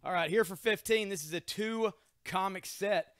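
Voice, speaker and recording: Store host, male, slightly high voice, dry close sound; chatty live-sale patter rattling off comic issues and prices with a joke here and there. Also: normal speed, fairly bright tone, smooth, no echo. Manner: chatty, joking, reels off comic details and prices. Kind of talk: live-stream sales pitch.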